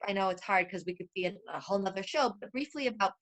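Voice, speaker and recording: A woman co-host and mother chatting casually, halting and full of fillers. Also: mid-range voice. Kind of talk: casual talk-show chat.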